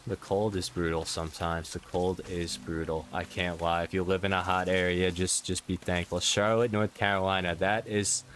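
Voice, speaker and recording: Deep-voiced man chatting casually. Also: a bit bright, slight background noise. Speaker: gaming streamer. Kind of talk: casual chat reading viewer locations.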